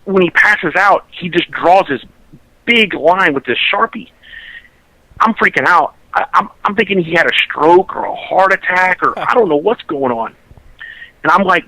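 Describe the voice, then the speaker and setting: Man, bright forceful voice, dry close sound, rambling storyteller, casual podcast chat. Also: sits high, normal speed, no room sound, poor audio. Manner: rambling, restarts sentences often. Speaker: podcast co-host.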